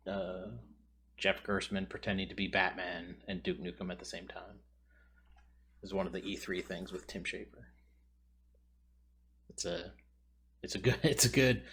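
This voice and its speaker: A man's voice: low voice, steady tone, unhurried, pauses often, fairly bright tone, husky. A man hosting a trivia video, thinking aloud and rambling casually as he tries to recall answers. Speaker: trivia video host playing along. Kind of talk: casual commentary while answering quiz questions.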